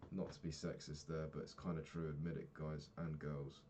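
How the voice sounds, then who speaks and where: A man's voice: rumbling low, flat delivery, normal speed, mellow, slight background noise. A young man in his twenties talking frankly in a rambling daily vlog, swearing casually and filling gaps with ums. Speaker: vlogger.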